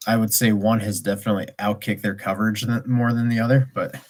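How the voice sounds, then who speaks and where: Low-voiced easygoing male co-host. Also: fairly even intonation, fast talker. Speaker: podcast co-host. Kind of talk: casual chat.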